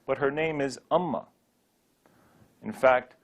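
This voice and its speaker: A man giving a Sanskrit pronunciation lesson, drilling words slowly and repeating them, with playful rhetorical questions. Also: mid-range voice. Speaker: Sanskrit teacher.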